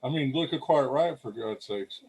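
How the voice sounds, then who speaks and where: A man's voice: medium pitch, expressive, normal speed, gravelly, a little mellow, slightly rough, rough recording. A male host running a casual interview over a call, talking loosely and swearing now and then.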